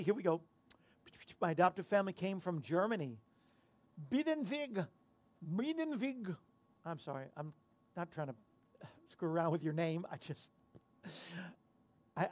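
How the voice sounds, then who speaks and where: A man's voice: high-pitched, no echo. A man hosting a casual talk show, rambling and self-deprecating as he chats and tells corny jokes. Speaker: show host.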